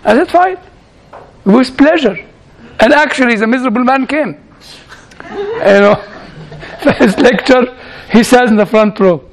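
A man's voice: extremely high pitch, big pitch swings, a little slow, pauses often, a little hiss or hum. A man with a non-native English accent telling humorous stories to an audience, chuckling often and repeating words. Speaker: speaker addressing an audience. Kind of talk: humorous storytelling talk. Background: audience laughter.

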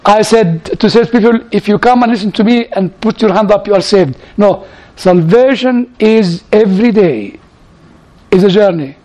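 A man's voice: high voice, normal speed, darkish tone. A man with a foreign accent answering questions from a church audience, telling anecdotes with repeated words and chuckles. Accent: foreign accent in English. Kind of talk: informal Q&A teaching.

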